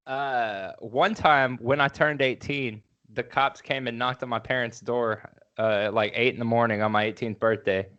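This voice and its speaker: A man's voice: mid-range voice, fairly even intonation, normal speed, bright, forceful tone, clean tone. A man co-hosting a podcast in casual chat, telling rambling stories and laughing often. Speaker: podcast co-host. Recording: dull lo-fi sound.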